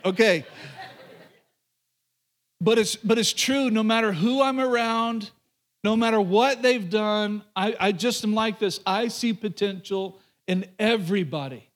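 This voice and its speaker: A man's voice: high voice, fairly bright tone. A man preaching a sermon to a congregation as pastor, in a conversational way, with joking asides, repeated phrases and restarts.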